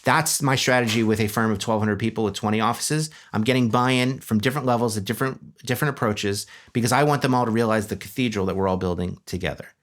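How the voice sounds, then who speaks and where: A man giving a humorous, animated conference talk on a stage before an audience. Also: on the low side. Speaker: speaker.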